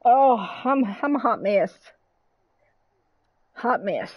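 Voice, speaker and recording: A woman streaming a game live, chatting casually with viewers, excitable and swearing freely. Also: a little high, takes it slowly, long pauses, husky, dry recording, dull audio.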